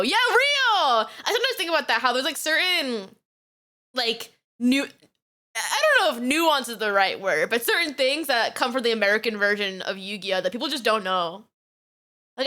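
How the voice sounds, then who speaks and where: Bubbly high-voiced woman streamer. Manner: animated and giggly, lots of fillers. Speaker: streamer reacting to a video. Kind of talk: casual reaction commentary.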